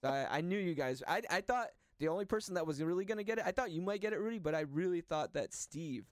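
A man hosts a casual podcast quiz among friends, laughing easily between lines. His voice sits a little high and moves a lot in pitch. The mic is close and dry. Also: no room sound. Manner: laughing, animated, quick asides. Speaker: podcast host running a movie quiz. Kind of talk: casual chat.

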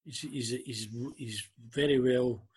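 Husky Scottish man telling stories haltingly. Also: mid-range voice, fairly even intonation. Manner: halting, with frequent ums and restarts. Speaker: interview guest. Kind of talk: emotional storytelling interview.

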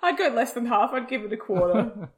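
A woman's voice: on the high side, animated, brisk. A woman co-hosting a casual film-review podcast, exasperated and emphatic, laughing often as she talks. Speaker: podcast co-host.

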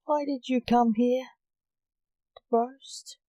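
A woman's voice: a little high, steady tone, slow pace, warm tone, no room sound, voice pushed up. A woman voicing a cold, curt Grim Reaper king. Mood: skeptical. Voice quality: light tenor, cold.

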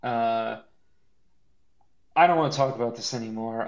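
A man co-hosting a podcast in casual chat, animated and joking, with a lot of laughing and restarts. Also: medium pitch, normal speed, lo-fi sound. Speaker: podcast co-host.

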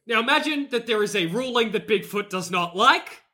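Animated, bright-voiced Australian man. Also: high-pitched, normal speed. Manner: animated, laughs often, breaks into voices. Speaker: podcast co-host. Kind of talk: comedic banter.

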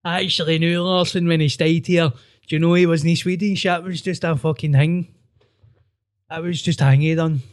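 Male co-host, slightly high voice, dry close mic, laid-back. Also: steady tone, normal speed, no echo. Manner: laid-back, short replies, swears. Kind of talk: casual chat.

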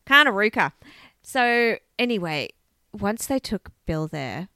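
A woman co-hosts a casual true-crime podcast and tells the case in a lively, chatty way. Her voice is bright and swings widely in pitch. The recording is close and dry. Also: normal speed, no room sound. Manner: chatty storyteller, animated, laughs easily. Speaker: podcast co-host.

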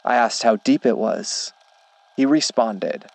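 Slow, measured male horror narrator. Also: on the low side, gravelly, dry recording.

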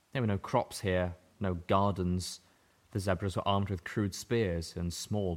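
Deep-voiced male audiobook narrator. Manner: steady first-person reading.

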